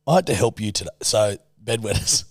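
A man's voice: on the low side, a little fast, dry recording, studio quality. A young man co-hosting a podcast, telling a story in casual banter and swearing freely. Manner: swears a lot, animated storytelling. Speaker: podcast co-host.

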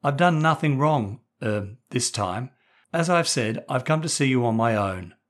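A man's voice: mid-range voice, expressive, unhurried, lightly acted. A man voicing a nervous teenage schoolboy who stammers and pleads earnestly. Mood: nervous pleading.

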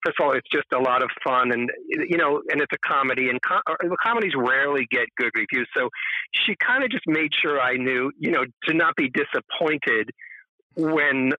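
A man's voice: medium pitch, normal speed, dry recording, muffled recording. A man who is a film director telling stories in an interview, rambling with many fillers and restarts. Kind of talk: relaxed anecdotal interview answers.

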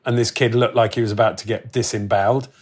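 A man in his forties, telling a wild travel story in casual chat, animated and swearing, acting out the voices of the people in it. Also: fairly low pitch, quick pace, slightly rough. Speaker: podcast guest telling travel stories.

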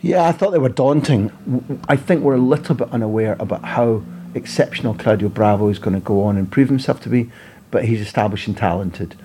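A man on a podcast, recounting football tournament stories in an animated way and often repeating phrases as he builds them. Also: mid-range voice, a little fast, a little hiss or hum. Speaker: football journalist and podcast guest. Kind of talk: storytelling podcast chat.

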